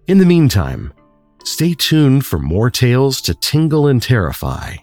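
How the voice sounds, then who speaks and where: A man who hosts a story show, reading a calm mystery tale aloud at a measured, steady pace. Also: mid-range voice, no echo, faint music behind. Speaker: narrator and host of a story show. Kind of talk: calm audiobook story narration.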